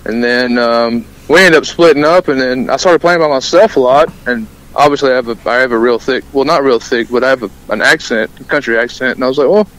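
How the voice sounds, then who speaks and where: A man's voice: mid-range voice, brisk, few pauses, fairly bright tone, poor audio. A man from Alabama, a country musician, talking easily and laughing often in a phone interview. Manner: easygoing, laughs a lot.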